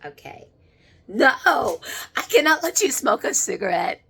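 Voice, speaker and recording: A woman speaking in a halting, emotional monologue as she channels spirits, moving between soft murmurs and sudden exclamations. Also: high-pitched, big pitch swings, creaky.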